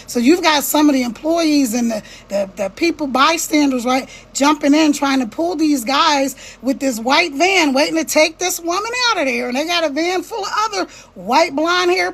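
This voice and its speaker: A woman's voice: high voice, fairly bright tone. A woman giving an impassioned monologue, checking in with her listeners again and again. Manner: passionate, repeats "right?" to check in with listeners.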